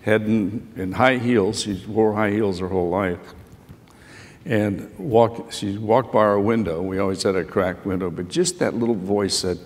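A man's voice: fairly low pitch, a little slow. An older man on a panel telling childhood stories to students in a folksy, rambling way. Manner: folksy, rambling anecdotes with frequent fillers. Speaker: panelist, Medal of Honor recipient. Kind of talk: storytelling to students. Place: auditorium panel. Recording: echoey hall sound.

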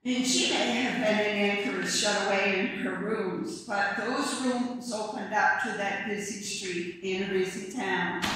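A preacher reads a reflective sermon at an unhurried pace, calm and measured. The voice sits at a middling pitch and carries a long church reverb. A distant room mic also picks up faint sanctuary ambience. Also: slight background noise. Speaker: preacher at morning prayer. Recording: echoey church heard from a distance.

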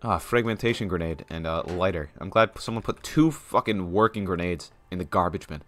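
A young man streaming a game, giving casual running commentary that jumps between muttered asides and loud yelps. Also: deep voice, fairly quick, no echo. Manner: excitable, swings from mumbling asides to loud yelps and laughter. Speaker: gaming streamer. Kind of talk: casual let's-play commentary.

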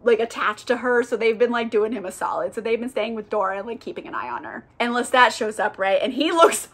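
A woman's voice: a little high, expressive, quick pace, fairly bright tone. A young woman recapping a novel in a chatty, profane, casual way, full of filler words. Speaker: book reviewer.

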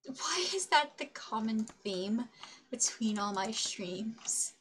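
A woman on the high side of pitch speaks slowly and animatedly, her tone a bit bright, with a little hiss or hum in the recording. Playing on a casual livestream, she's bubbly and self-mocking, giggling in asides and humming sing-song nonsense sounds to herself.

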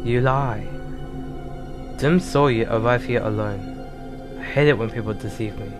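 A man's voice: medium pitch, a little slow, music in the background, close to an everyday voice. A man voicing a menacing police chief. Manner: cold, interrogating. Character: stern, threatening male small-town police chief.

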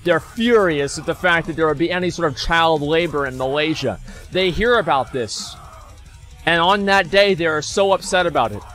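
A man's voice: a little high, normal speed, fairly bright tone, soft background music. A man streaming, delivering a rambling, profane, sarcastic rant, stumbling into restarts as he goes. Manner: sarcastic, mocks people in put-on voices. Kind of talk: ranting commentary.

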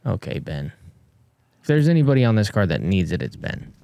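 Low, gravelly male analyst for casual sports coverage; explains shots, cracks jokes, animated delivery. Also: a little fast. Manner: analytical, jokey, excitable reactions. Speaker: disc golf commentator.

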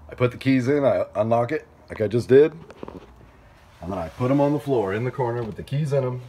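A man vlogging outdoors at a storage facility, telling a story in a chatty, animated way and acting out other people's lines. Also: mid-range voice, a little fast, a little hiss or hum. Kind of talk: casual storytelling vlog.

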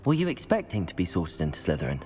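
An eager, earnest young student, lively in pitch, sounding fresh and keen. as game audio with faint music behind. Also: female voice, quick pace, exaggerated voice. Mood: friendly. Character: eager young female student, new arrival. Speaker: player character.

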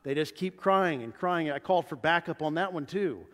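Man, pastor, sermon, fairly high voice, church hall reverb. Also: moderate pace. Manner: animated, acts out quoted voices loudly. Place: church sanctuary.

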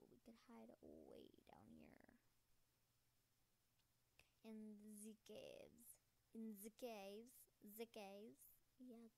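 A woman's voice: fairly high pitch, creaky, a little mellow, a little hiss or hum. Bubbly chatty woman narrating her game. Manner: chatty, bubbly, drifts into whispers and sudden outbursts. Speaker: gaming channel host. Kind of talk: casual game commentary.

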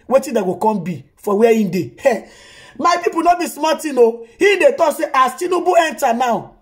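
High-voiced Nigerian woman vlogger. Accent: Nigerian Pidgin English. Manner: exclamatory, ends phrases with "o". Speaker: vlog host reacting to news. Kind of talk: casual news commentary.

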